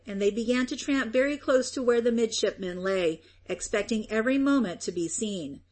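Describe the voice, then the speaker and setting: A woman reads an old sea adventure aloud, narrating at a steady, even pace. Her voice sits a little high. It is a plain audiobook reading. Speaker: audiobook reader. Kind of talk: scripted narration.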